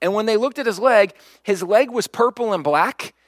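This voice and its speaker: A pastor preaching, telling a story with lively, acted-out quotes. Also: male voice, sits high, moderate pace, no room sound, clean studio sound. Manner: animated storyteller, acts out quoted lines. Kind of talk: sermon storytelling.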